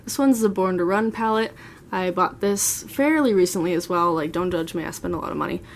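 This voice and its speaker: A woman's voice: on the low side, a little fast, slight background noise. Gushing young woman vlogger, chatty. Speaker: beauty vlogger. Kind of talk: casual makeup collection tour. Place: at home, seated.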